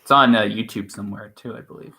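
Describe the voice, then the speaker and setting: A man's voice: fairly low pitch, steady tone, quick pace, bright, forceful tone. A man co-hosting a stream in casual chat, rambling and opinionated, with many restarts. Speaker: stream co-host.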